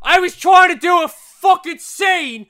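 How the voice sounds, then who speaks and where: A man impersonating a furious male movie star who shouts, swears and repeats himself over and over. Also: very high-pitched, unhurried, voice pushed up, exaggerated voice. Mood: furious shouting.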